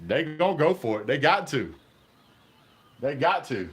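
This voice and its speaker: Excitable man calling a game. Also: on the high side, a little slow. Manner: excitable, drawling, chatty play-by-play with frequent "man". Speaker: fan channel host watching a game. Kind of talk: live reaction commentary.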